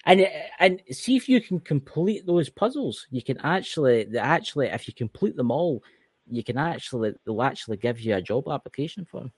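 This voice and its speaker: A man's voice: medium pitch, very animated, brisk, slightly rough, no echo. A Scottish man co-hosting a casual podcast, joking and rambling with plenty of swearing. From Scotland. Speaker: co-host.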